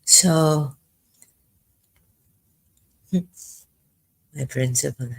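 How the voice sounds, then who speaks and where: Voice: mid-range voice, drawn-out words. A vlogger in their fifties, rambling and tearful, breaking off with fillers and apologies. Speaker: video blogger. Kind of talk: rambling emotional commentary.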